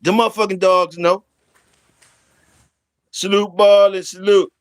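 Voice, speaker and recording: A man's voice: sits high, level tone, measured pace, clear, resonant tone, dry recording. A middle-aged man hosting a casual stream, teasing viewers with profane, laughing banter. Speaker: channel host. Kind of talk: casual livestream chat.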